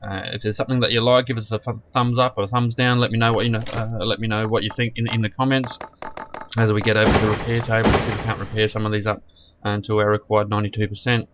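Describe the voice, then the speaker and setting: A man with a croaky, sniffly voice from a cold, giving rambling commentary on a car mechanic game as the channel's host. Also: fairly low pitch, flat delivery, quick pace, a bit bright. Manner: rambling, repeats and restarts words. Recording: noisy background.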